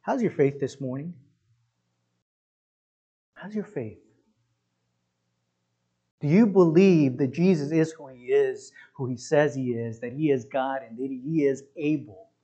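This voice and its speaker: A man's voice: mid-range voice, a little slow, long pauses, mellow, breathy edge. Man preaching, emphatic, casual asides to the crowd, muffled lo-fi recording. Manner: emphatic, conversational, often says "listen" and "guys". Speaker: pastor. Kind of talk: sermon.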